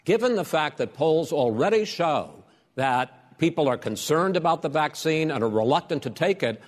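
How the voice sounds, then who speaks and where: A man's voice: a little high, animated, moderate pace. Firm male moderator in a reverberant hall. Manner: firm, precise, cutting in to redirect. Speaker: debate moderator. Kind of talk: moderating a live debate. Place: debate hall.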